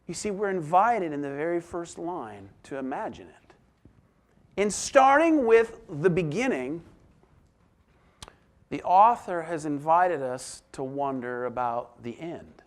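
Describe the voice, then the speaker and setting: A male pastor delivers a sermon in a high, light voice. He takes his time, letting each phrase land slowly, then shifts from ringing emphasis to near-whispered reflection. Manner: expressive, swings between emphatic exclamations and soft hushed asides.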